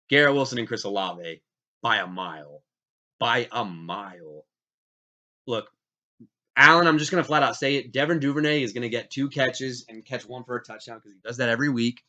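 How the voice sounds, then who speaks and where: A man hosting a fantasy football league show, talking casually with animated, self-correcting energy while getting over being sick. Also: mid-range voice. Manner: animated, hyped, self-interrupting. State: recovering from illness, coughing. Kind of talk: casual fantasy sports talk. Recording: dull lo-fi sound.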